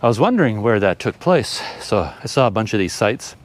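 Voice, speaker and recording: A man vlogs as he hikes up a trail outdoors, out of breath and huffing between thoughts. His voice sits a little low. He talks in a rambling, self-deprecating way into the camera he holds. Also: big pitch swings, fairly quick. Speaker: travel vlogger. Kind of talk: casual vlog talk while hiking. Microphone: handheld camera.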